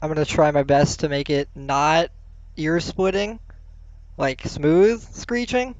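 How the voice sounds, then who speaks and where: A man's voice: on the high side, slow pace, dry recording. A man casting a live-streamed tournament in casual, playful commentary, often laughing at himself. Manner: playful, giggly, self-mocking. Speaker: esports tournament caster. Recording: dull lo-fi stream mic.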